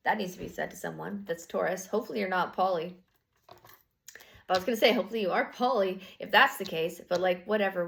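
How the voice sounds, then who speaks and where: A woman's voice: lowish voice, gravelly. A woman giving a casual tarot reading to camera, rambling and blunt, swearing freely, with lots of fillers and laughing as she talks. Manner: laughs while talking. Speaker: tarot reader.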